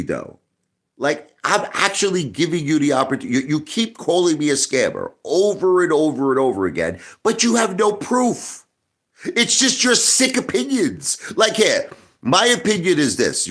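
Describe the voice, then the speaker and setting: On a live stream, a male host rants and argues with his viewers in a combative way, addressing them directly and repeating himself again and again. He has a mid-range voice with a fairly bright tone.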